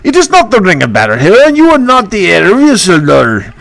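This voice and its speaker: A man voicing a scornful undead oathbreaker spirit who speaks slowly and mockingly. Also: high voice, huge pitch swings, creaky, a bit bright, dry recording, pitched above the performer's own voice, exaggerated voice. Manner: slow, sneering, mocking.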